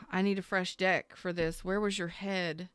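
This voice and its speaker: Lady reading tarot cards to camera, low smooth voice, blunt and sassy. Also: flat delivery, slow, dry recording. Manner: blunt, sassy, emphatic, acts out the listener's inner voice. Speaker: tarot reader.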